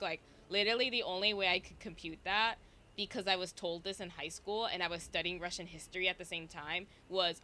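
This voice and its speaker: A young woman streamer in casual chat, rambling with lots of fillers and a slight vocal fry. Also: fairly low pitch, fairly even intonation, brisk, sharp tone, slight background noise. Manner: chatty, rambling with fillers and self-interruptions.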